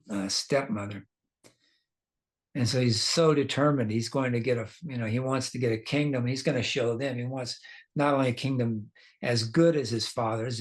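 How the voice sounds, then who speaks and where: A man teaching a scripture class, telling the story casually, laughing now and then and quizzing his listeners. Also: medium pitch.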